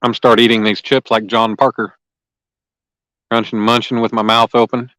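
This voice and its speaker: A man chats easily with his viewers during a fishing livestream by the lake, folksy and relaxed. His voice is smooth and clear, mid-pitched, and close and dry with no room around it. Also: moderate pace, no room sound, low-quality recording. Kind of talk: casual livestream chat. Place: lakeside outdoors.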